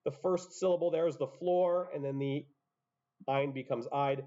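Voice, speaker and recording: Muffled audio captures a man teaching high school chemistry in a classroom lecture, working step by step and interrupting himself with asides. His voice is a little high and dark-toned, with fairly even intonation at normal speed.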